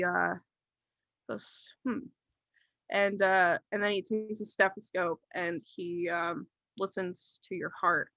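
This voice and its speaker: A woman runs a tabletop game, narrating slowly and stumbling through fillers as she works out the scene. Her voice is bright and forceful, recorded close and dry. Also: medium pitch, gravelly, no echo. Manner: halting, full of ums and likes. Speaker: game master.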